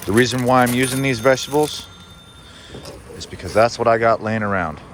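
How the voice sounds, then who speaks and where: A man's voice: medium pitch, fairly quick, background noise. A man hosting a cooking vlog from an outdoor kitchen, talking in a laid-back, offhand, wry way as he cooks. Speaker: cooking channel host. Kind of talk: casual cooking vlog talk.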